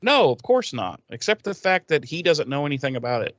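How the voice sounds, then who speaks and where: A man co-hosting a podcast who recaps a TV episode in casual, profane talk, laughing often and getting animated. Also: a little high, a little fast, no room sound, dull audio. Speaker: podcast co-host.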